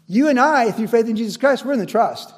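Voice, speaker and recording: A high-pitched man preaching with lively energy, slipping into playful voices for the people in his story. His voice rings out with a long reverb, as in a large hall. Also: a little fast. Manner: animated, acts out quoted voices, laughs often. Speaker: pastor. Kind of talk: sermon.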